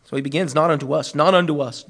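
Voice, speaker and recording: High-voiced man preaching with wide swings. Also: fairly even intonation. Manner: preaching with wide swings in pitch and loudness, slowing on key phrases. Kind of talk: expository sermon.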